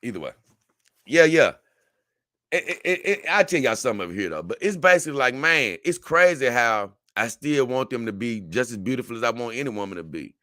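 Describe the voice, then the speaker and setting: Lively, forceful man hosting a casual talk show. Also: medium pitch, quick pace, few pauses, no echo, studio quality. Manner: rambling, repeats words, stammers on restarts. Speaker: show host. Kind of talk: casual talk show, reading viewer comments.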